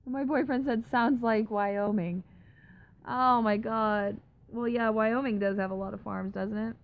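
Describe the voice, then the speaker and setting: A woman's voice: a little high, steady tone, unhurried. A young woman chatting casually on a live stream, reading comments aloud and reacting with giggly, exaggerated disgust. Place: home in a dry desert city.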